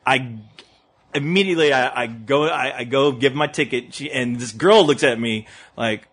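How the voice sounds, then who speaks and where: A man's voice: mid-range voice, normal speed, slightly rough. A man co-hosting a show, telling a funny story in a casual chat and often laughing along as he goes. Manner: animated, laughs often through his own story. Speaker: co-host.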